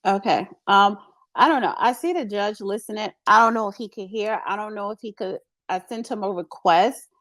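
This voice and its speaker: A woman's voice: mid-range voice, normal speed, fairly bright tone. Flustered woman hosting a live chat. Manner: flustered, chatty, with repeated "I don't know". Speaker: host of an audio chat room.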